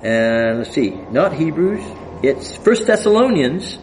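Guy teaching bible study, kinda high voice, slow and halting, lots of ums. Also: big pitch swings, a little mellow, a little hiss or hum, rough recording. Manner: halting, with frequent fillers and restarts; reads scripture aloud with rising emphasis.

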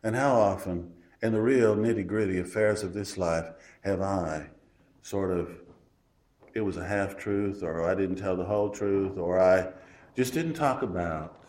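A man preaching a sermon in a folksy, emphatic way, swinging from loud declarations to hushed asides. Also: deep voice, measured pace. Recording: roomy echo.

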